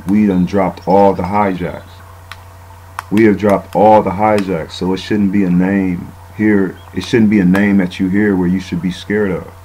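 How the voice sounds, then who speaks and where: A man's voice: low-pitched, warm tone, a little hiss or hum, low-quality recording. A man giving a casual, rambling bible teaching, often saying "man" and using fillers.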